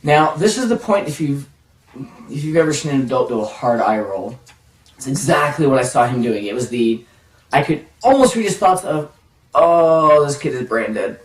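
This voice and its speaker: A man telling a self-mocking personal story in a casual, animated way, acting out the dialogue. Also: medium pitch, normal speed. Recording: roomy echo, distant mic.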